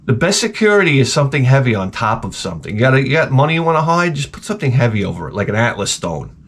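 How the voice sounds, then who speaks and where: Male video host, comic ranter who swears freely, animated pitch, talking in a garage workshop. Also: fast, breathy edge. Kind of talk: comedic rant.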